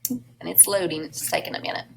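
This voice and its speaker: A woman's voice: fairly low pitch, brisk, gravelly, slight background noise, low-quality recording. A woman teacher reading a storybook aloud in a recorded class lesson, patiently explaining words and prompting her students.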